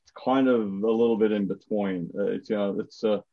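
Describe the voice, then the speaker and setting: A man with an Australian accent, a guest professor on a podcast, talking in a relaxed, joking way. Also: on the low side, brisk, no room sound, narrow, tinny audio. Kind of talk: casual podcast interview.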